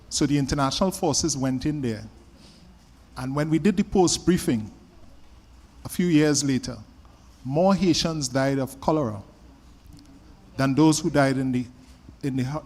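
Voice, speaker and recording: A man speaking as a panelist, giving a measured answer with frequent restarts. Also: mid-range voice, darkish tone, big-room sound. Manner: measured, halting with repeated restarts. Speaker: panelist, former security official.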